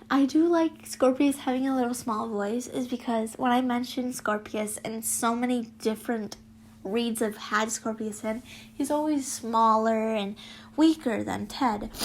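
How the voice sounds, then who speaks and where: In a slightly high voice and an unhurried pace, a young vlogger reads her fanfiction aloud, then wanders off into rambling, giggly, self-deprecating chat and whispers asides. There's slight background noise.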